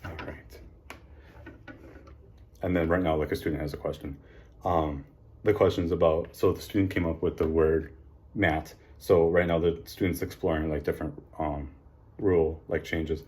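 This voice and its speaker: A man teaching a phonics lesson, encouraging the class and slowly sounding out letters, with frequent ums and likes. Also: deep voice, fairly even intonation, dark tone. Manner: frequent fillers like um and like.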